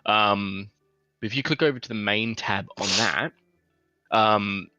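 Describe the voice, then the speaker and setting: A young man explaining game software as game master, patient and a bit hesitant. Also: on the low side, slow, dry recording. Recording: slightly dull, faint music.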